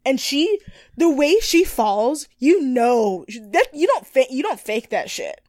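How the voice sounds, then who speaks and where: Woman podcast co-host, casual and animated, quick to swear and laugh, dry close sound. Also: high-pitched, dry recording. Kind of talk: casual recap chat.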